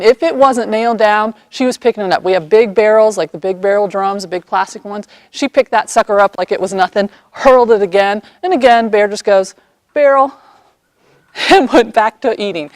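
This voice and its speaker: A woman equine therapy practitioner, an animated storyteller who acts out the people in her story, recorded outdoors by horses on a camera mic. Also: medium pitch, moderate pace, dry recording. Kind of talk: storytelling vlog.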